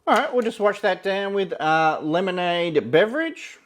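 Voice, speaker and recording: An easygoing man talks through a food taste test, his pitch rising and falling a lot as he goes. He speaks casually, thinking aloud between bites, and keeps dropping in small fillers and "yeah, look" as he judges each item. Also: expressive, moderate pace, a bit bright. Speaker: food reviewer.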